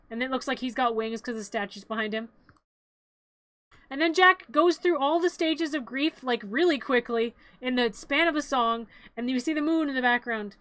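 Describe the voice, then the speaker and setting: High, bright woman streamer joking along. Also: moderate pace, no echo. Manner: animated, rambling play-by-play with jokes. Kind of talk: casual live stream retelling of a film.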